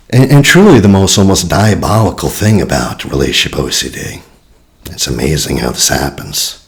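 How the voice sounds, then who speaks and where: A man's voice: very deep voice, lively intonation, moderate pace. A man coaching on relationships in a casual teaching monologue, reflective and conversational, often sighing and repeating himself.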